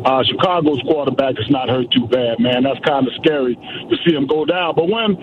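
A man's voice: medium pitch, normal speed, phone-quality sound, noisy background. A man calling in to a sports radio show, talking in a loose, slangy way and laughing as he goes. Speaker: radio caller. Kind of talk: excited sports call-in.

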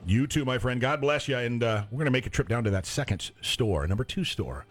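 A man's voice: medium pitch, animated, brisk. A man hosting a local call-in radio show, chatting casually and reading back phone numbers. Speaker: radio host.

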